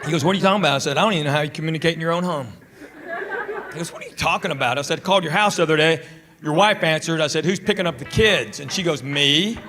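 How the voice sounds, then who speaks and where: A male stand-up comedian telling stories in a deadpan way, acting out both sides of the back-and-forth dialogues. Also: fairly high pitch, racing, background noise. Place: comedy club stage. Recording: loud audience laughter.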